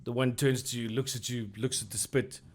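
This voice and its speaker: A man's voice: mid-range voice, fairly even intonation, a little fast. Rambling man running a tabletop game. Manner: loose, rambling, hesitant phrasing. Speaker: game master.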